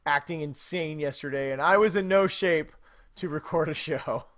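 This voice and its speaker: Animated high-voiced man telling stories. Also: moderate pace. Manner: animated storytelling, laughs often. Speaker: podcast co-host. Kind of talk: casual chat.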